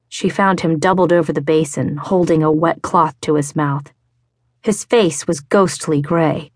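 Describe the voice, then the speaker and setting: A woman with a low voice reads an audiobook in a measured, even way. She is recorded close in a booth, and the sound is completely dry. The narration is steady and scripted. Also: no room sound. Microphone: close studio mic.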